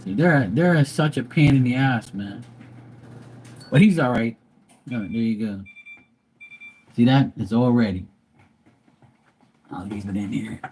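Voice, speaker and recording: A man's voice: medium pitch, unhurried, pauses often, slight background noise. A middle-aged man hosting a live stream from home, ranting casually and profanely about his worrying parents. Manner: exasperated, profane, animated storytelling. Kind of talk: casual rant to viewers. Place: at home by a running dryer.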